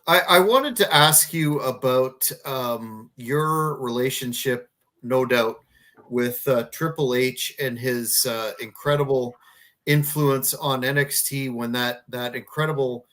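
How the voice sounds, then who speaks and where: A man's voice: mid-range voice, takes it slowly, fairly bright tone. A man interviewing a guest, who thanks him and asks long, rambling questions full of fillers. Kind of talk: casual interview.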